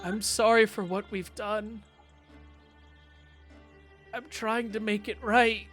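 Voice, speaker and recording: A game master voicing a wounded male fighter in a tabletop game, shouting in rage and then apologizing. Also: mid-range voice, steady tone, slow pace, soft background music, pitched above the performer's own voice. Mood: remorseful.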